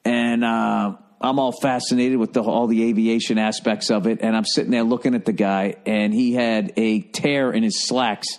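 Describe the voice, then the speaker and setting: A man's voice: on the low side, level tone, normal speed, few pauses. A man hosting a comedy podcast, telling a rambling, profane story in a casual monologue. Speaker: podcast host.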